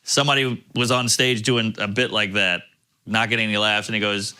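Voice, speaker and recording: A middle-aged comedian guest on a podcast, trading quick wisecracks in casual chat and laughing often. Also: male voice, on the low side, steady tone, pushed and bright, smooth.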